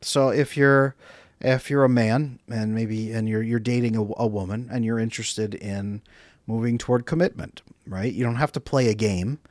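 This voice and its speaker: A man's voice: mid-range voice, moderate pace, no room sound. Guy relationship coach in an interview, acts stuff out, dry sound. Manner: animated, acts out example dialogues. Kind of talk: casual interview talk.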